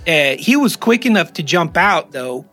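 Man, podcast host, joking storyteller, fairly high voice, light music behind. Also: moderate pace. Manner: animated, joking, gesturing. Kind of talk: casual storytelling chat. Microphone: close studio mic.

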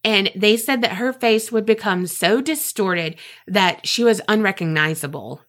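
A woman co-hosting a podcast, telling a story in casual chat, animated and swearing freely. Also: medium pitch, unhurried. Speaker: podcast co-host.

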